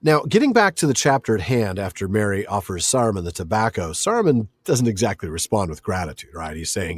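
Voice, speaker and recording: Male podcast co-host, husky lowish voice, very animated delivery, dry close mic. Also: no echo. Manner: animated, reads passages aloud, quick to laugh. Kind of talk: casual book discussion.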